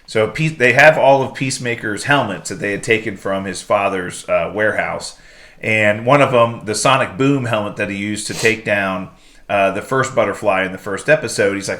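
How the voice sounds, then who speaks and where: Low-voiced man recapping an episode. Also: moderate pace. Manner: animated retelling, acts out quoted lines. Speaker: podcast co-host. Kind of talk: casual chat.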